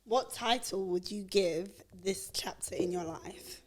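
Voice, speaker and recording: A woman co-hosting a podcast in casual chat, wry and quick to laugh. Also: medium pitch, a little mellow. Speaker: podcast co-host.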